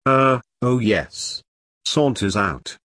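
A man reading the part of a vague, polite, gentlemanly army sergeant. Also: medium pitch, expressive, no room sound, full character voice. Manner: polite, unhurried, mildly evasive.

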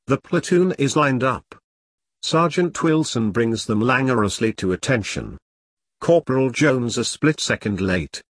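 A man's voice: mid-range voice, animated, measured pace, no echo, clean studio sound. A man reading stage directions of a script aloud in a plain manner.

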